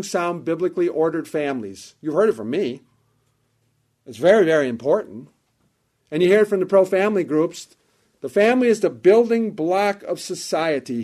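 Male pastor, high voice, fervent sermon delivery, builds and drops, repeats phrases. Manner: impassioned preaching, swells high and loud then drops low and soft.

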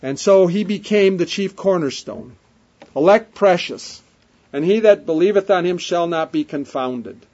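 Man preaching a sermon, slightly high voice. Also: unhurried. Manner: emphatic, repeating refrains with swelling rises and hushed drops. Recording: dull lo-fi sermon recording.

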